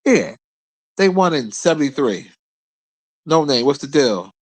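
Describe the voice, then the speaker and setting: A man's voice: fairly high pitch, sing-song, measured pace, a little mellow, no room sound. A man hosting his own show, ranting about basketball in a blunt, profane, trash-talking way. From Philadelphia area. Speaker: host. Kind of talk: casual sports rant.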